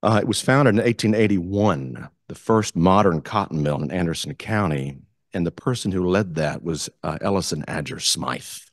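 A man telling a story as guest speaker at a club meeting, animated, acting out the quotes. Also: low voice, normal speed, no echo, studio quality. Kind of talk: storytelling speech. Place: meeting room.

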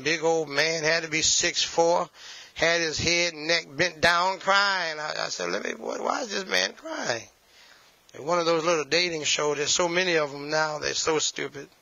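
A man's voice: a little high, vocal fry, bright, forceful tone, no echo, dull audio. A man preaching a sermon, emphatic and repetitive, with folksy asides.

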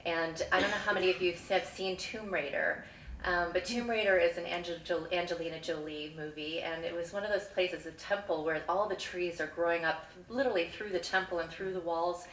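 A woman on the school committee telling a travel story at a live story slam, measured and earnest, pausing often with "um". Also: lowish voice, fairly even intonation, a bit bright, a little hiss or hum. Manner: measured, earnest, frequent "um" pauses. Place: stage in a hall. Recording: echoey hall, mic from far off.

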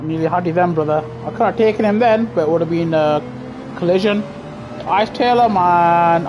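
A man giving live commentary over his racing game through a gaming headset, muttering to himself and breaking into excited shouts. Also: sits high, a little fast, lo-fi sound. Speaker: gaming streamer. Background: game music and car engine sounds.

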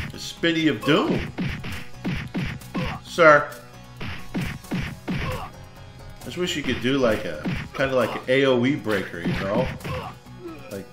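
A man commentating on his own gameplay, excitable, swearing and shouting at enemies. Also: mid-range voice. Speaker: let's play host. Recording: echoey room with game music.

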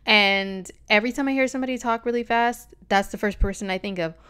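A woman's voice: medium pitch, quick pace, fairly bright tone, smooth. A woman talking casually on a vlog, giving a chatty, sassy astrology reading full of slangy asides.

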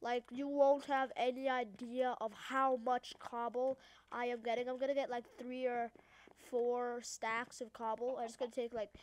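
A woman's voice: on the high side, little pitch movement, normal speed, no echo. A woman with an Australian accent giving hyper, rambling, jokey let's-play commentary as a gaming YouTuber.

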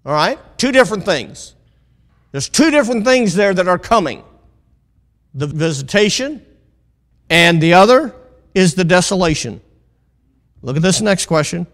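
High-voiced preacher in a reverberant hall. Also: male voice, lively intonation. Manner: preaching with call-and-response asides, rising to loud emphatic peaks; drawn-out, deliberate delivery. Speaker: pastor teaching a Bible lesson. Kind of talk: sermon.

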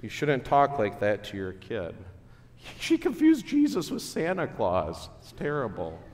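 A male pastor giving a chapel sermon at a school, speaking slowly and earnestly with relaxed conversational asides. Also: medium pitch. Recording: long hall reverb.

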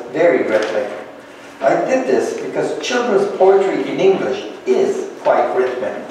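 A man speaks to a live audience, explaining things in a measured lecture style with a touch of light humor. His voice sounds far from the microphone and carries a long, echoing reverb. A faint hum of room ambience sits behind him. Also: on the high side, darkish tone. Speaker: author giving a public reading. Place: large lecture hall. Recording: echoey hall, voice from afar, faint ambience.

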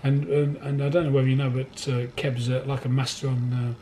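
Fairly quick and level in tone, this mid-range male voice sounds dark, with a little hiss or hum. He's a record collector in a record warehouse interview, rambling through his anecdotes, laughing as he tells them, and acting out other people's voices.

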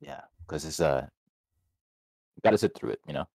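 Brief: very deep male co-host, animated and jokey, dry close mic. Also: normal speed, gravelly, no echo. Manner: playful, swearing, jokey asides. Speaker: podcast co-host. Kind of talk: casual film review chat.

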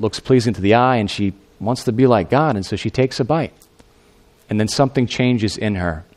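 A male pastor preaches in a loose, chatty way, full of "you know" and "I mean". His voice sits fairly high, and he swings from excited highs to quiet, low lines as he retells a story. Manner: conversational and animated, with fillers. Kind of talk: sermon.

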